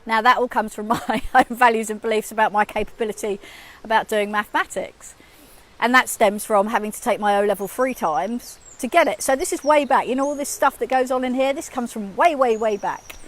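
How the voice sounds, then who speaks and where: A woman's voice: a little high, a little fast, fairly bright tone. A woman in her fifties, a communication coach, talking casually to camera and acting out her own inner voice. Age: 50s.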